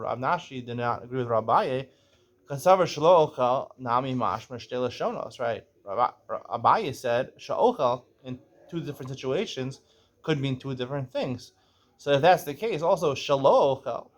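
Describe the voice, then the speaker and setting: A man teaching a page of Talmud. He reads the Aramaic, explains it in English, keeps asking "right?", clears his throat now and then, and sometimes corrects himself as he goes. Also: mid-range voice.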